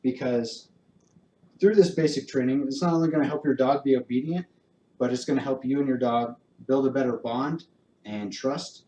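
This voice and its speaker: A man working as a dog trainer, calmly explaining training steps in a clear, encouraging way during a live demonstration. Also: mid-range voice, normal speed, distant mic. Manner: calm, encouraging, explains step by step. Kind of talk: instructional talk with live demonstration. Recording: roomy echo.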